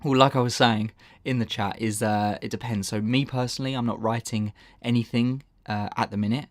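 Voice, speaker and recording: A man's voice: medium pitch, fairly even intonation, a little fast, no echo. A man hosting a casual live stream, rambling and breaking off mid-sentence with frequent laughs. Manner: rambling, self-interrupting, laughs often.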